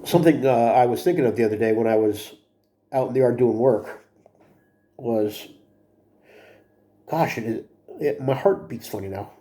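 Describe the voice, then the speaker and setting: A man's voice: medium pitch, normal speed, long pauses, dark tone. Middle-aged man, rambling video diary. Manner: rambling, frustrated, self-critical; restarts and repeats words. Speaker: vlogger.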